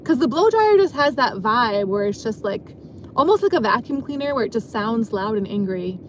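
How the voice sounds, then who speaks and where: Woman vlogger, slightly high pitch, rambling, self-deprecating, laughs a lot; recorded in a car. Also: animated, moderate pace, slight background noise. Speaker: vlogger and dancer. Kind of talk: rambling casual monologue. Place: parked car.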